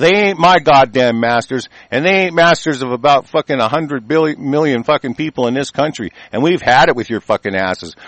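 A man delivering an angry, heated political rant full of profanity, with sudden louder bursts. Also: on the high side, no echo.

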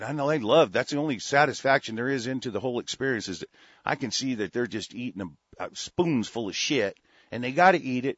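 A man's voice: medium pitch, a bit bright, breathy edge, dry recording. A middle-aged or older man hosting a talk radio show, telling stories in a blunt, profane, rambling way full of restarts. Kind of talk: rambling storytelling and political rant on talk radio. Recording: dull, lo-fi, dry radio broadcast audio.

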